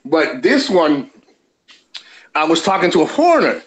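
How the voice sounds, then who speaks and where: Male vlogger, slightly high voice, rambling animated storyteller who swears freely. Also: a little slow, poor audio. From USA. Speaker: vlogger telling a travel story. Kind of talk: casual storytelling.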